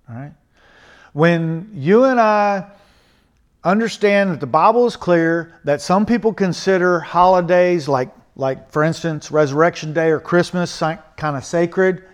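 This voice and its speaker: Emphatic preacher, higher-pitched man. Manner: emphatic, swings between loud exhortation and quiet earnest asides; mocking rhetorical questions. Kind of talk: sermon.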